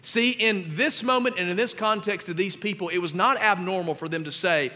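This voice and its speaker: A man preaching a sermon as pastor, with emphatic delivery that grows louder on scripture readings. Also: high-pitched, fairly quick, hardly any pauses, long reverb tail. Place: church sanctuary.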